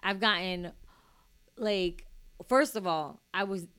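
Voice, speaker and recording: A woman's voice: mid-range voice, takes it slowly, fairly bright tone, clear, resonant tone. A young woman co-hosting a podcast, playful and blunt in casual chat with much laughter. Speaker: podcast co-host.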